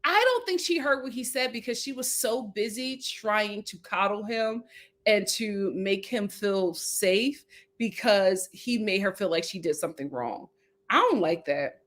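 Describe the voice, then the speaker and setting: A woman's voice: mid-range voice, lively intonation, measured pace, a bit bright. A woman hosting a casual reality show recap, reading out viewer comments and repeating her lines for emphasis.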